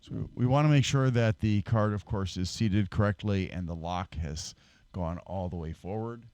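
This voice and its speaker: Low-voiced man in a dry home workshop. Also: normal speed, darkish tone, dry recording. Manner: rambling, self-deprecating, with fillers and self-corrections. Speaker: PC building tutorial host. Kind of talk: casual how-to demonstration. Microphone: desk microphone, moving closer and farther. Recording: dry close-mic, voice fades when he leans away.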